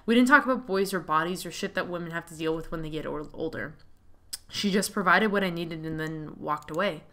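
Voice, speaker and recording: A woman voicing a frank, candid high school senior girl. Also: a little fast, sharp tone.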